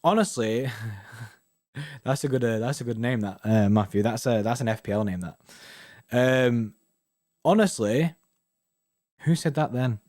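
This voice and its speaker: A man's voice: mid-range voice, measured pace, long pauses, darkish tone. A man co-hosting a football fan show, chatting casually and rambling with slang and restarts. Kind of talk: casual chat reading viewer comments.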